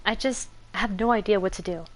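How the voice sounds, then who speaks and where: A woman's voice: mid-range voice, brisk, lightly acted. A woman voicing an earnest, uneasy teenage girl who leads a school club. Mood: troubled.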